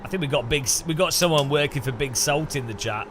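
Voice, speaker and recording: A man's voice: on the high side, fast, background noise. A British man streaming a racing game, chatting and joking with his viewers. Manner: joking, teasing chat. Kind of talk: casual gaming commentary. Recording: music playing under voice.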